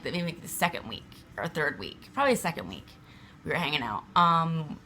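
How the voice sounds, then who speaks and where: A woman's voice: mid-range voice, bright, forceful tone, slight background noise. A woman venting to the camera in a rambling, emphatic way, swearing often and filling her talk with fillers. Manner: agitated, emphatic. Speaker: vlogger.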